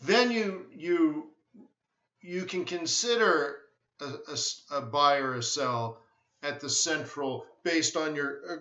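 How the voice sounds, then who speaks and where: A man's voice: a little high, takes it slowly, bright, forceful tone. A man hosting a live trading stream, answering viewers bluntly and often repeating himself. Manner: blunt, repeats words, emphatic. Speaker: forex trading webinar host. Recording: echoey room, dull lo-fi sound.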